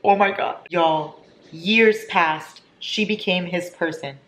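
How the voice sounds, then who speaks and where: A young woman in her twenties, gushing and excitable as she chats casually about books in a reading vlog. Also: on the low side, slow. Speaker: book vlogger. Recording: echoey room with faint noise.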